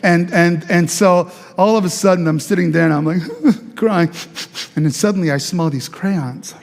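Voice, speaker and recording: A male pastor from Italy shares his testimony from the pulpit in an easy, chatty way, turning to the congregation with questions. His voice sits high for a man. The sound rings with long reverb in a church sanctuary. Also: moderate pace, vocal fry. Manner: conversational, chatty with fillers and audience asides. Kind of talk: testimony sermon storytelling.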